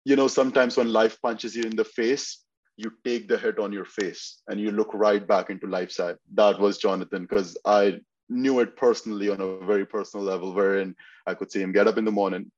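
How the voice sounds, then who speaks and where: A man who coaches fitness posing, talking in an earnest, measured way as a podcast guest. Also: fairly low pitch, fairly even intonation, a little mellow, muffled recording. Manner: earnest, measured, explains step by step. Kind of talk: casual interview talk.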